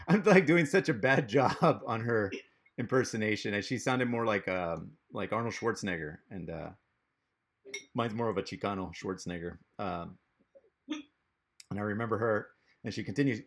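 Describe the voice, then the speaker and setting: Male comic, low gravelly voice, halting stand-up delivery over a video call. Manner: rambling, halting delivery with many fillers. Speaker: stand-up comedian.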